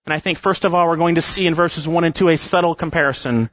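A man preaching an expository sermon, emphatic, slowing down and dropping his voice at the ends of phrases. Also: fairly high pitch, a bit bright, no room sound, dull audio. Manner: emphatic preaching with slowed, falling phrase endings. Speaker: pastor.

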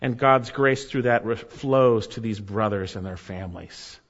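A man's voice: lowish voice, unhurried. A man preaching a sermon as pastor, earnest, with rising emphasis and asides to the congregation. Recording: dull, hall reverb.

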